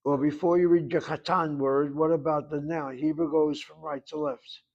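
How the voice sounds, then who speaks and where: Male teacher, slightly high pitch; patient, long-winded explainer who keeps posing questions to the class. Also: little pitch movement, moderate pace, a little mellow, dull audio. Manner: patient, explains at length, asks rhetorical questions. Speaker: Hebrew instructor. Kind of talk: online language class.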